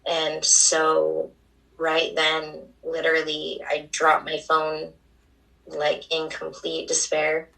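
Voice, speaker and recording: A young adult woman, a guest on a talk show, telling an emotional personal story at a quick pace. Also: low voice, monotone, gravelly, bright, forceful tone, far from the mic, low-quality recording.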